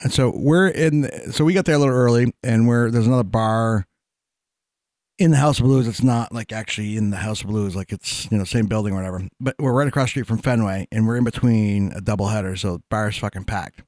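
A man from Vermont telling a profane, animated story in casual podcast chat. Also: fairly low pitch, fairly quick, dry recording, studio quality.

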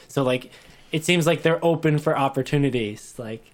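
A man co-hosting a podcast in casual chat, talking quickly and enthusiastically and sometimes humming melodies. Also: a little high. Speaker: podcast co-host.

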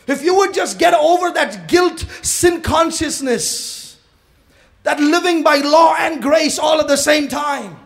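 A man preaching a sermon to his congregation, swinging between shouted fervor and hushed, intense passages. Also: very high-pitched, slow, gravelly. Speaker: pastor.

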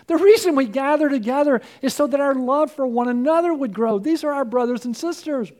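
A man preaching a sermon, earnest and full of rhetorical questions, his voice worn and giving out, with frequent throat clearing. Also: very high voice, brisk. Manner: earnest, rhetorical questions, swings from loud to hushed. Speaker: pastor.

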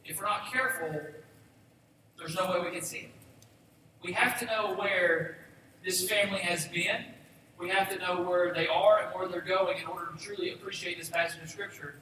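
A male pastor reading scripture aloud and preaching a sermon, with relaxed, joking asides to his congregation. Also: high voice, normal speed, a little hiss or hum. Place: church sanctuary. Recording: echoey hall, mic at a distance.

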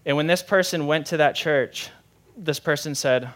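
Casual young pastor preaching candidly. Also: male voice, fairly high pitch, sing-song, brisk, fairly bright tone. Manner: conversational, candid, self-deprecating humor. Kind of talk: sermon.

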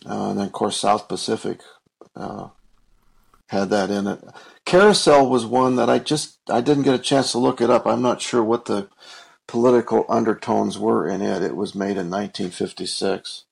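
A man's voice: lowish voice, normal speed, gravelly, slightly rough, poor audio. A man co-hosting a podcast, talking thoughtfully and hesitantly about old films. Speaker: podcast co-host. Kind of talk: casual chat.

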